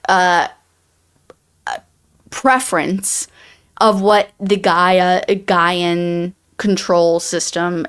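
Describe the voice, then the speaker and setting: A woman's voice: medium pitch, fairly bright tone. A woman co-hosting a book review podcast, summarizing the plot in casual chat, rambling with many restarts and fillers.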